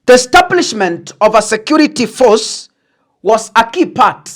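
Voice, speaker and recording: A Kenyan woman delivering political commentary in a fairly high, lively voice that rises and falls widely. She speaks deliberately, leaning hard on key words and drawing them out, and drops easily into Swahili asides as she explains. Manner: deliberate, emphatic, mixes in Swahili phrases. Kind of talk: political analysis monologue.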